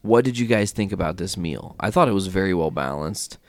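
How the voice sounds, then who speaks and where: Low-voiced joking podcast host, a man. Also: a little fast, no room sound. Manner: animated, swears freely, jokes around. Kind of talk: casual chat.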